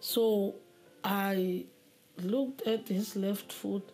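Slow halting woman telling her testimony, keeps repeating words, mid pitch, soft music underneath. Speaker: giving a personal testimony. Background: faint music.

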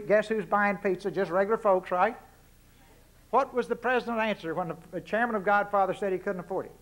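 Texan guy speechifying to a crowd, high voice, punchy questions, folksy asides. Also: quick pace, fairly bright tone. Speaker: guest speaker. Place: lecture forum before an audience.

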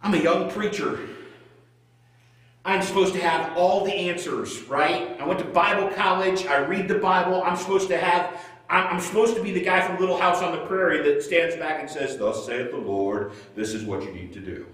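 A middle-aged male pastor preaching a sermon as a conversational story, swinging between loud and hushed. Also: high-pitched, steady tone, moderate pace. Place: church sanctuary. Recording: echoey church room, voice from far off.

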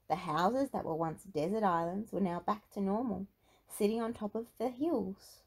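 A woman reading a children's picture book aloud in an expressive, sing-song storytelling manner. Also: mid-range voice, normal speed, slight background noise. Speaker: storybook reader.

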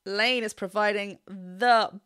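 A woman's voice: medium pitch, fairly even intonation, slow pace, over a noisy crowd. A woman vocal coach giving enthusiastic, technical reaction commentary, gushing over what she hears and humming along. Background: the song she is reacting to plays behind her.

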